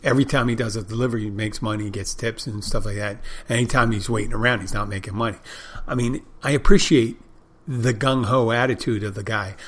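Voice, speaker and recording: A man's voice: lowish voice, fairly bright tone. Rambling, profane male podcast host. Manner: rambling, profane storytelling with restarts. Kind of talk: casual monologue.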